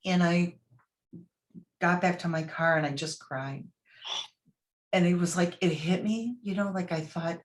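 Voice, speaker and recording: A woman guest on a podcast interview, telling a personal story in a lively way and acting out what people said. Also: lowish voice, measured pace, pauses often. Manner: lively storyteller who acts out quoted voices. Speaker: podcast guest, motivational speaker.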